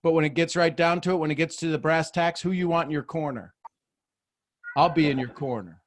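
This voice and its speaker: A man leads a motivational group call over a video link, goofy and animated, doubling up his words as he goes. His voice sits somewhat high for a man. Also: a little fast. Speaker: mentor and host of a group call.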